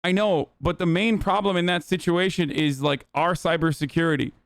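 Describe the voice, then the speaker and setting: A man's voice: fairly high pitch, fairly even intonation, moderate pace, no echo. A man hosting a livestream, giving blunt, profane, rambling political commentary full of fillers. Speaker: livestream host.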